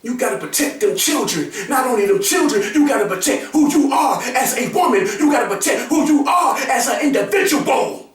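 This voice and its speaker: A man with a very high-pitched voice delivers a fiery motivational monologue, hammering points home with repetition and shouts. He sounds set back from the mic in a strongly echoing room. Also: animated, fairly quick, hardly any pauses, soft background music. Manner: preachy, emphatic, repeats phrases and often raises to a shout. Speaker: motivational speaker. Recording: very echoey room, voice far from the mic.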